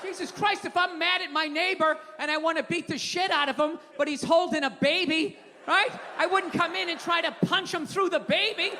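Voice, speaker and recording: High-pitched ranting man on a stage. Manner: ranting, profane, shouting punchlines. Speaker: stand-up comedian. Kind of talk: stand-up comedy set. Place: live comedy venue stage. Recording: reverberant live hall with crowd noise. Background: audience laughter.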